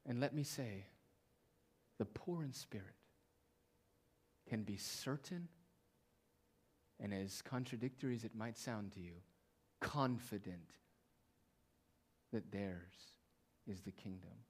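A male preacher delivering a sermon, drawing out quiet phrases slowly and then rising to loud, emphatic declarations. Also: fairly low pitch, slightly rough. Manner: swings between hushed, drawn-out phrases and loud emphatic declarations.

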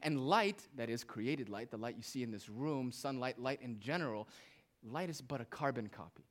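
A male pastor preaching a sermon, moving between loud, emphatic phrases and quiet, hushed asides. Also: medium pitch, expressive, moderate pace.

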